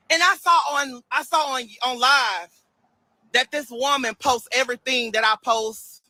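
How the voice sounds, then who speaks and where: A man livestreaming a preachy monologue, loud and animated, sassy and dismissive toward his commenters. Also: very high voice, a little slow, no echo, low-quality recording. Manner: loud and animated, bursts into shouts and laughter.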